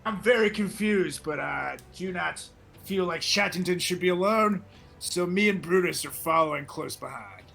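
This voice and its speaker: A man's voice: high voice, moderate pace, vocal fry, fairly bright tone, soft background music. A man playing a tabletop game who makes offhand, joking remarks. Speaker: player.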